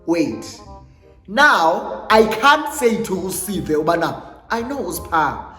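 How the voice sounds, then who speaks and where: A South African man spins a dramatic storytime for his channel, switching between English and Xhosa as he goes. His voice sits high for a man. The room is echoey with a long reverb tail, and faint music plays underneath. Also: takes it slowly. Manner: animated, dramatic retelling, mixing English with Xhosa phrases. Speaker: YouTuber. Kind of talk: storytime vlog.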